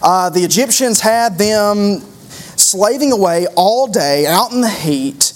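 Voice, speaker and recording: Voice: mid-range voice, expressive, slow pace. A preacher giving a conversational sermon, driving points home with rhetorical questions and repeated phrases.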